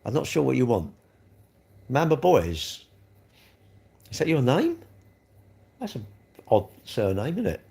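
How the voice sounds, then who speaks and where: A man's voice: medium pitch, wildly swooping pitch, a little slow, vocal fry, pauses often, warm tone. A middle-aged man with a South East London accent, chatting and rambling on a casual live stream, full of tag questions. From England. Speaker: livestream host.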